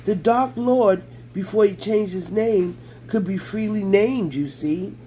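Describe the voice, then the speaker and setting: A man voicing a small, devoted male house-elf with a shrill, squeaky voice. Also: slow, mellow, slight background noise. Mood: earnest. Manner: shrill, fierce when protecting.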